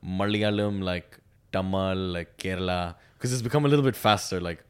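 Young guy from lebanon, lowish voice, rambly casual podcast chat, tons of "like". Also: moderate pace, clear, resonant tone. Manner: rambling, lots of fillers, breaks into put-on accents.

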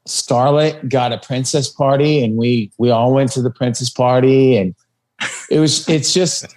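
A man in a casual podcast chat, fondly recalling a friend's family and pausing often to find his words. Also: mid-range voice, fairly even intonation. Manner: warm reminiscing, halting with fillers.

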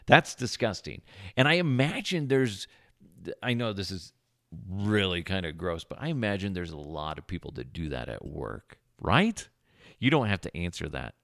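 A man with a deep, gravelly voice talks through a casual podcast monologue from his home desk. He jokes crudely and swears freely, and the sound is close and dry. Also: fairly bright tone, no echo. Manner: crude, joking, profane. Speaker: podcast host. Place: home office, indoors. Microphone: podcast microphone.

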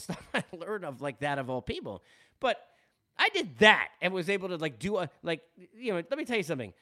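A man's voice: fairly high pitch, pushed and bright. A man with a Long Island New York accent, hosting a podcast and speaking earnestly and candidly in a personal monologue, often repeating words as he goes. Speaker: podcast host.

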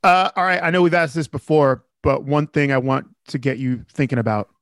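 A man's voice: medium pitch, brisk, fairly bright tone, no room sound, clean studio sound. A man co-hosting a podcast, teasing and laid-back in casual chat. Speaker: podcast co-host.

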